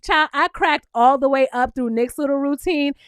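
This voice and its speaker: A woman recapping a reality show in casual, animated commentary, full of laughter and sassy asides. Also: high voice, moderate pace, dry recording, studio quality.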